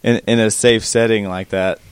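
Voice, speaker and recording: A man co-hosting a casual podcast chat, hesitant with many restarts and quick to laugh. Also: lowish voice, steady tone, smooth, dry recording. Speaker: podcast co-host.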